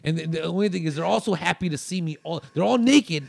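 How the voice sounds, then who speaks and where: A man's voice: a little high, fast, vocal fry, dry recording. A male comedian guest on a podcast telling a story in a loose, rambling way with many restarts. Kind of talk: casual storytelling.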